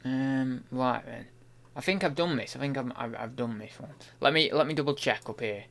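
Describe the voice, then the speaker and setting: Brief: young male streamer, bright forceful tone, chatty and rambling, restarts often. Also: medium pitch, normal speed, vocal fry. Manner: rambling, thinking aloud, many restarts. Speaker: online reseller and streamer. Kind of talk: casual livestream chat while working.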